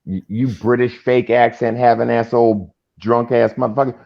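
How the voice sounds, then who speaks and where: A man's voice: medium pitch, little pitch movement, normal speed, vocal fry. A man from the Boston area ranting animatedly in casual chat on a livestream, swearing freely. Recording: dull lo-fi call audio.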